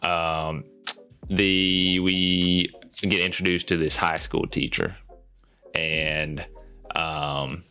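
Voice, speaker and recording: A man with a Southern accent talks in a very low yet bright voice. He rambles through a casual podcast recap, full of fillers and restarts. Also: level tone, extremely slow, pauses often, clean tone, faint music behind. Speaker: podcast co-host. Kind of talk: casual chat, recapping a movie.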